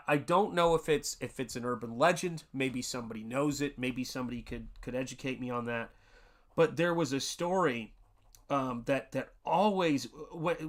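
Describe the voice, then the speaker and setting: A man's voice: on the high side, a bit bright. A man from Tennessee chatting casually on a live art stream, rambling through a story and greeting viewers in the chat. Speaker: livestreaming artist.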